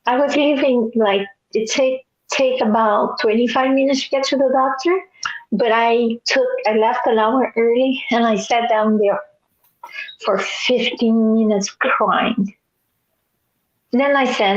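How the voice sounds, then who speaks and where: A woman in a casual chat, telling a personal story in an animated way, laughing often, over a video call. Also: on the high side, unhurried. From Nebraska, US. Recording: dull lo-fi audio.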